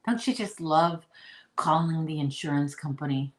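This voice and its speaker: In an echoey room with poor audio, an animated woman speaks at a moderate pace. She's a crochet vlogger from the Chicago area, rambling chattily to her live viewers while she crochets and switching to a high baby voice for her puppy.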